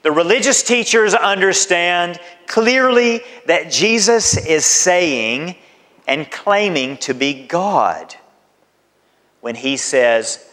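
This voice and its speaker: A man preaching a sermon as pastor, emphatic and deliberate, with dramatic swings in his voice. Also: high voice, expressive, sharp tone. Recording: long hall reverb.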